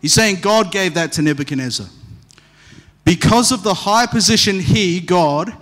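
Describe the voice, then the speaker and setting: High-voiced preacher in a reverberant hall. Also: male voice, moderate pace. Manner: animated storytelling preacher with asides. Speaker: pastor. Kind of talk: sermon.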